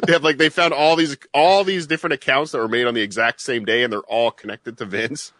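A man's voice: mid-range voice, fairly even intonation, a little fast, a bit bright. A man co-hosting a casual live stream who rambles through stories with sarcastic asides. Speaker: co-host.

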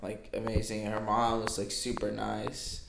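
Young male co-host, gravelly voice, rambling filler-heavy chat, noisy echoey room. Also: fairly low pitch, monotone, a little slow. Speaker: podcast co-host. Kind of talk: casual chat. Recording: echoey room with background noise.

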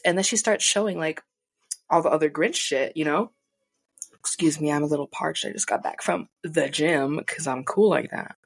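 A young woman vlogger casually telling a profane, animated story, acting out the people she quotes. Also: deep voice, fairly quick. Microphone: desk mic.

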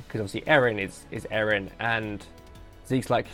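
A man's voice: fairly low pitch, steady tone, moderate pace, pushed and bright, soft background music. Rambling, jokey man on a headset mic. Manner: rambling, self-mocking and jokey. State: tired and loopy late at night. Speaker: podcast host. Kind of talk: casual episode recap.

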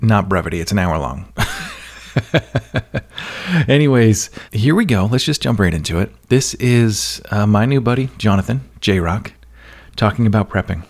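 A man's voice: fairly low pitch, huge pitch swings, unhurried. A male podcast host chatting casually with a guest, laughing easily and rambling loosely. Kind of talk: casual interview chat.

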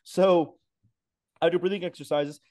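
A man's voice: a little high, steady tone, moderate pace, a little mellow. A man, a racing announcer, talking enthusiastically and emphatically in a casual podcast interview, with playful asides.

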